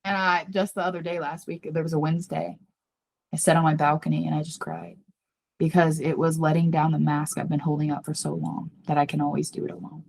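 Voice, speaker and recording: An earnest woman, a psychic medium appearing as a podcast guest, shares a personal story in a brisk, creaky voice. She confides openly and talks about herself by name. Her delivery is animated, and her voice jumps high when she acts out quoted speech.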